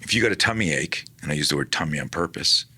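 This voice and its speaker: A man talking casually in an interview about his work teaching personal defense, animated, acting out the people in his stories with many restarts. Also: a bass voice, quick pace, breathy edge. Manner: animated, acts out quoted dialogue, frequent restarts. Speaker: guest, personal defense instructor.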